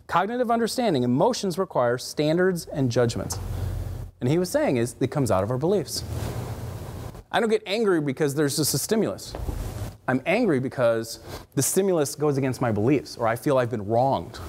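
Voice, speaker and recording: A middle-aged man, a counselor, giving a faith-based parenting talk in an emphatic way. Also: slight background noise. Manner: animated, emphatic, swings pitch high for emphasis.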